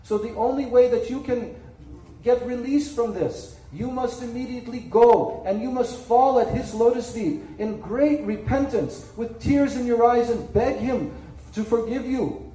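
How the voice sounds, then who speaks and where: A gentle, unhurried god speaks in a hushed, tender voice, as a man puts him on. The sound is mellow and heard from a distance. It carries the echo of a large room. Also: very high voice. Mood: firm. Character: calm, gentle male supreme god. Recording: echoey room, distant mic.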